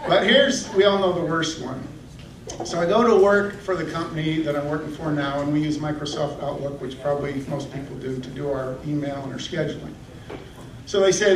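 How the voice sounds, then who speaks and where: Self-mocking man doing stand-up. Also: a little fast. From Michigan. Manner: self-deprecating, acts out voices with sudden high yelps. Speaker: stand-up comedian. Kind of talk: stand-up comedy set. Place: comedy club stage. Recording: echoey club from a distant camera.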